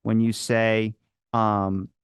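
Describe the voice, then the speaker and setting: A man's voice: fairly low pitch, flat delivery, extremely slow, clear, resonant tone, no room sound, studio quality. A man from Maryland with a Baltimore accent, hosting a casual podcast chat, curious and rambling as he talks. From Maryland, United States. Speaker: podcast host.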